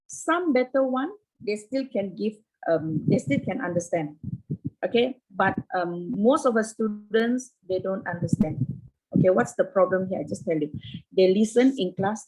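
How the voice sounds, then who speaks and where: A woman's voice: medium pitch, darkish tone, slightly rough, rough recording. A Malaysian English teacher in her fifties, answering interview questions over a video call, repeating herself and checking in with "okay".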